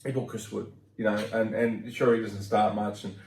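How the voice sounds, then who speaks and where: Casting: deeper male podcast guest, rambly, sitting back from the mic. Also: steady tone, moderate pace, darkish tone, recorded from a distance. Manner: chatty, rambling with fillers. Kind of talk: casual football chat. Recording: roomy sound from off-mic.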